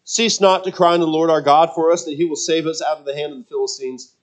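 A man's voice: fairly high pitch, steady tone, fast. A man preaching a sermon in a conversational way, restarting phrases and asking the congregation rhetorical questions. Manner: speculative, thinking aloud. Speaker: pastor.

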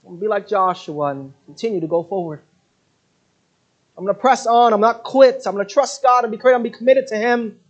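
A man's voice: sits high, fast, pitched above the performer's own voice. A man voicing a devout middle-aged woman who earnestly stands firm in her faith and quotes scripture. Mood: fervent. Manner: earnest, resolute, quoting scripture. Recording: dull lo-fi recording.

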